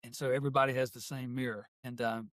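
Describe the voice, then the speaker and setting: Middle-aged man, folksy interview guest; medium pitch, dry studio sound. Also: level tone, fast talker, a bit bright, no room sound. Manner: folksy, with homespun phrases. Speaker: guest, workplace culture consultant and author. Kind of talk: casual interview talk and storytelling.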